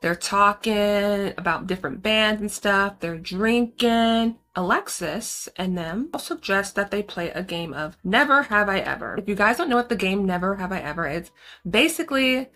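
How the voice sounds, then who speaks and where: A woman's voice: mid-range voice, lively intonation, moderate pace, sharp tone. A woman hosting a horror movie recap, talking in a chatty, slangy, casual way straight to her viewers.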